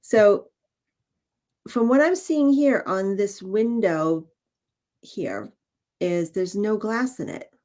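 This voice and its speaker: A woman co-hosting a spiritual livestream and reading cards in casual chat over a video call, laughing easily and talking in halting phrases. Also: medium pitch, expressive, mellow. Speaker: co-host and card reader.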